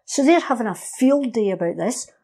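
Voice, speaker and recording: A woman, explaining history in a casual podcast chat as a lively storyteller who acts out the voices she quotes. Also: on the high side, normal speed, slightly rough.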